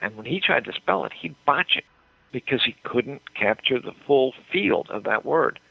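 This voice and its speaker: A man's voice: mid-range voice, animated, normal speed, vocal fry, no room sound. An older man telling a story with emphasis as a guest in a radio interview, often repeating words as he goes. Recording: dry tinny phone line.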